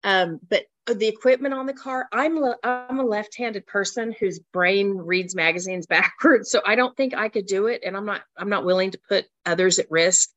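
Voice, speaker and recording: A woman's voice: mid-range voice, normal speed, hardly any pauses, fairly bright tone, highs cut off, soft background music. A woman, a travel advisor, chatting casually on a radio travel show and often repeating words as she thinks.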